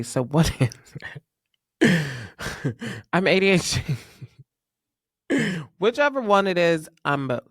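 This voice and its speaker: Slow-talking man podcast host. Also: on the high side, expressive, no echo, studio quality. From North Carolina. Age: 30s. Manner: chatty, emotional, laughs often. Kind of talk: casual solo podcast chat.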